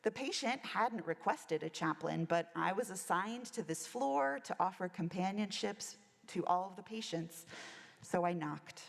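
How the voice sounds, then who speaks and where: In a church sanctuary, a woman minister gives a reflective sermon, sharing a story from her chaplaincy work. Her mid-range voice is gravelly and expressive, moving at a moderate pace with hardly any pauses, under long church reverb.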